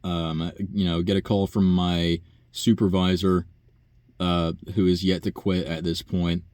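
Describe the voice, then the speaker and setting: A man's voice: low voice, little pitch movement, measured pace, darkish tone, clear, resonant tone, dry recording. A young man, a nursing home worker, telling a long profane story in a rambling, sighing way. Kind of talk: casual rant monologue.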